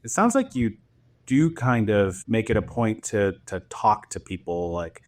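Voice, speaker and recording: A man's voice: on the low side, sing-song, a little slow, darkish tone. A man hosting a podcast, asking questions in a casual, curious way with many fillers. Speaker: podcast host. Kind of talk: casual interview chat.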